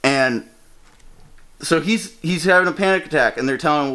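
A man's voice: fairly high pitch, moderate pace, long pauses. A man from Wisconsin, a stand-up comedian, telling a story casually, swearing and laughing as he goes. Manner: profane, animated, laughs mid-story.

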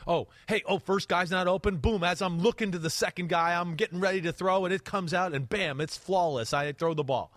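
A fairly high-voiced man talks through football film on his podcast, getting animated and acting out a quarterback's reads with little sound effects. The sound is dry and close to the mic, with no room around it. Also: fairly quick, few pauses, no echo. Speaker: podcast host and quarterback analyst. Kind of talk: casual podcast chat.

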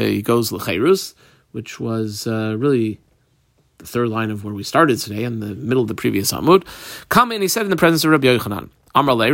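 A man's voice: mid-range voice, creaky, fairly bright tone, no echo, studio quality. A man teaching a daily Talmud lesson, reading each Aramaic phrase and then explaining it in plain English.

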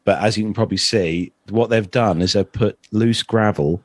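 Hesitant low-voiced man hosting, dry sound. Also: normal speed, no room sound. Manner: hesitant, many restarts and fillers. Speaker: podcast co-host. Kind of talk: casual aviation podcast chat.

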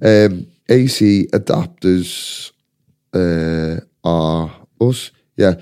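Scouse podcast host, swears a lot, rambling rants, dark mellow voice. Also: male voice, sits low, very slow, clean tone. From Liverpool, England. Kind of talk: casual chat.

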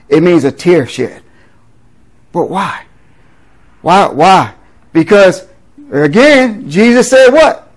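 High-voiced man preaching a Bible study. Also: poor audio. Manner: conversational teaching with frequent rhetorical "right?" questions. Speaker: pastor. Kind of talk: sermon, reading and explaining scripture.

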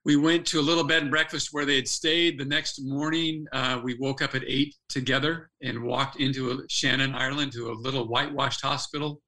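A man's voice: medium pitch, fairly even intonation, brisk, few pauses, sharp tone, poor audio. An older man, a former athlete turned speaker, earnestly telling a personal story as a podcast guest, restarting his phrases as he goes.

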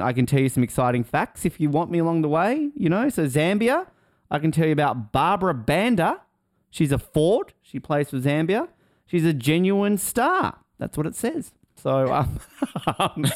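Lively joking man. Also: on the high side, moderate pace, no room sound, studio quality. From Australia. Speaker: podcast host. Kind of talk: casual podcast chat.

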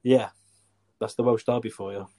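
A man in casual football chat, relaxed and jokey, with many fillers. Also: fairly low pitch, moderate pace.

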